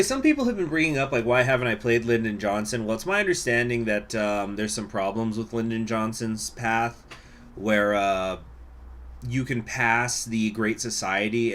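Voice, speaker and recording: A man with a fairly bright, lowish voice comments casually on a strategy game during a live stream. He is chatty, laughs often and reacts to viewers in the chat.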